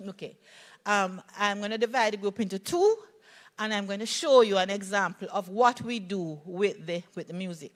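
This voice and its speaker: Speaking at medium pitch, a middle-aged Jamaican-accented woman runs a conference workshop on play therapy. She's animated in her storytelling and keeps checking in with the people listening.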